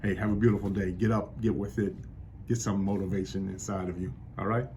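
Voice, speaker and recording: Low-voiced man giving an encouraging pep talk. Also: fairly even intonation, brisk, dark tone, a little hiss or hum. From New York. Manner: encouraging, preacher-like exhortation. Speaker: real estate agent vlogger. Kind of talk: motivational talk to camera.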